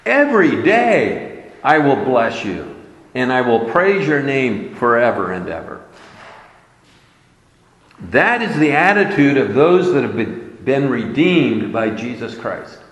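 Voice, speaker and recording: Slow, animated male preacher in an echoey hall. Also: medium pitch. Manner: emphatic, repeating key words. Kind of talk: sermon.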